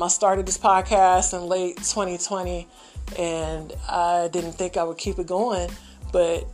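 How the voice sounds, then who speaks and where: A woman hosting her own podcast, talking straight into the mic in a blunt, foul-mouthed rant. Her voice sits at an ordinary middle pitch and jumps up sharply whenever something annoys her. Soft music plays faintly behind her. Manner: blunt, profane, ranting; voice jumps higher when riled up. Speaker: podcast host. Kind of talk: casual monologue.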